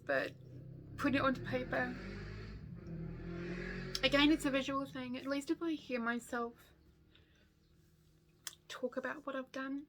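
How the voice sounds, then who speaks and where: Kiwi woman in her fifties, a stitching vlogger, fairly high voice, rambling and laughing as she chats. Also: slight background noise. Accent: New Zealand. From New Zealand. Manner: rambling and chatty, laughs often, goes off on tangents. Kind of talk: casual chat to camera.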